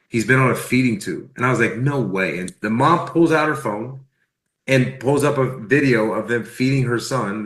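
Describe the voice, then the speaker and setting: Male storyteller, bright and forceful, energetic testimonial delivery, echoey room. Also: medium pitch. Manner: animated, acts out quoted dialogue. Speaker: speaker sharing a personal testimony.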